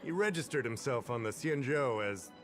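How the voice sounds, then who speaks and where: A man's voice: mid-range voice, animated, moderate pace, natural voice. A man voicing a polite, formal official in a game who greets and briefs investigators. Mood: recalling. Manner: courteous and formal. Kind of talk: game voice acting. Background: game music.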